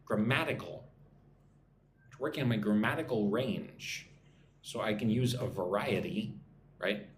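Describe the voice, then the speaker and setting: A man teaching an English lesson on a live stream, talking slowly and checking in with "right?" after his points. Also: on the low side, slight background noise. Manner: slow, repeats points with frequent "right?". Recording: echoey room, faint ambience.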